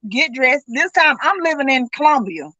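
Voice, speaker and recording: A woman's voice: sits high, lively intonation, moderate pace, bright, forceful tone, no echo, highs cut off. A middle-aged woman telling how she lost her son, earnest and reliving the moments through retold dialogue. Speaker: guest, grieving mother. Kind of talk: emotional personal account.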